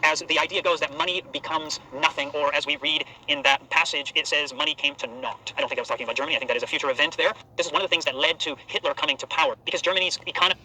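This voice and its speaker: A man explaining a point rapidly and emphatically, heard in a played clip. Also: on the high side, bright, forceful tone, a little hiss or hum, rough recording. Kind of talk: explanatory talk.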